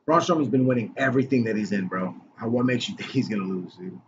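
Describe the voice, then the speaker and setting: A man co-hosting a casual podcast, excitable and swearing freely, tossing in bro and dude. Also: mid-range voice, fast. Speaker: podcast co-host. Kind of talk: casual chat about wrestling. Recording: lo-fi with clear background noise.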